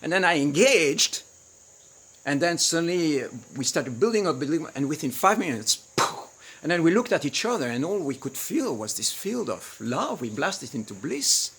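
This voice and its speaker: A man with a bright, gravelly voice and a husky edge teaches a live webinar on tantra. He speaks casually and acts out arguments in loud, sudden quotes. Crickets chirp faintly in the background. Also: fairly high pitch, normal speed. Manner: animated, acts out shouted quotes.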